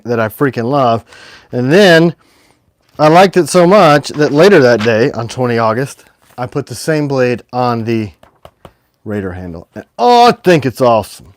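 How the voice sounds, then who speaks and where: Animated man chatting on a livestream. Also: mid-range voice, no room sound. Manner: rambling, animated, self-deprecating. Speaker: knife maker and livestream host. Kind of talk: casual livestream chat.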